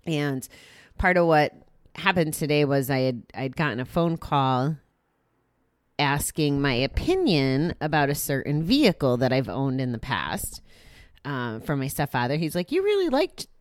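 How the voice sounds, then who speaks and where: Tired, rambling low-voiced woman host. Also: expressive, measured pace, no echo, clean studio sound. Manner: rambling, apologetic, yawning, chatty asides. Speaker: podcast host. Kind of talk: casual live chat to listeners.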